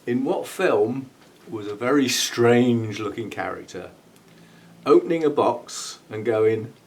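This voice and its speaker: A man's voice: medium pitch, slow pace, recorded from a distance, poor audio. A man hosting his own channel, talking casually through a hands-on job, musing aloud and chuckling at himself as he goes. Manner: chatty, muses aloud while working, chuckles at himself. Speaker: orchid grower and channel host. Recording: faint background noise, speaking away from the mic.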